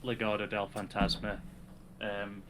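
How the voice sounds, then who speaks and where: A man's voice: on the low side, monotone, unhurried, noisy background. A man co-hosting a podcast, recapping wrestling events casually and laughing often. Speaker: podcast co-host.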